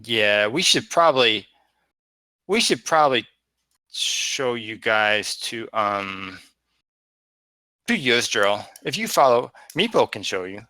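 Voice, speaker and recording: Bright-voiced man running a tabletop game. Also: mid-range voice, expressive, slow, pauses often, no echo. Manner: describes the scene while pointing around a map. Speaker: game master.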